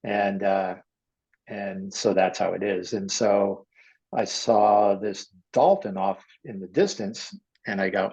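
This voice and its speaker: A gravelly middle-aged man, a guest artist, telling personal stories in a halting way and acting out the voices he quotes. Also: lowish voice, a little mellow. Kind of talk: emotional personal storytelling. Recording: dull lo-fi audio.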